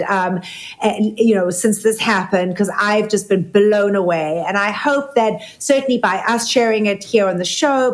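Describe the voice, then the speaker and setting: South african woman cohosting a podcast, chatty, lots of ums, mid pitch. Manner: chatty, with frequent ums and restarts. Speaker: podcast co-host. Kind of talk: casual news chat.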